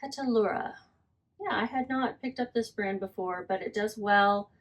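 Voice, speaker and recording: A female online reseller walks viewers through her latest sales in a relaxed, talkative vlog, reading off titles and prices and catching herself mid-sentence to rephrase. Her pitch is middling for a woman and her pace is moderate.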